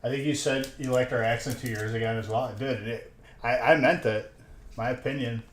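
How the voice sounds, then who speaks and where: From a room in a collectibles shop, a young man hosts a livestream of card box breaks, chatting casually with viewers through a headset. His mid-range voice has fairly even intonation and a moderate pace, and he's laid-back, often saying "dude" and "bro." The room is echoey with faint noise.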